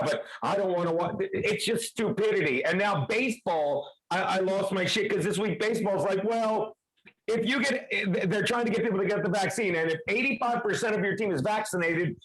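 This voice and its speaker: A man's voice: sits high, a bit bright, poor audio. A man cohosting a casual podcast, talking in a brash, profane, mocking way.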